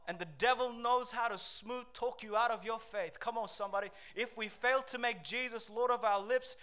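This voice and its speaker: A man preaching an energetic sermon, reading Bible verses and calling out to the congregation for a response. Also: sits high.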